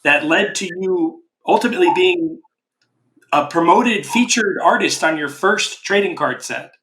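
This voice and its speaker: A male host interviewing a guest, asking casual, halting questions with fillers. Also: high-pitched, fairly bright tone, reverberant, slight background noise, low-quality recording.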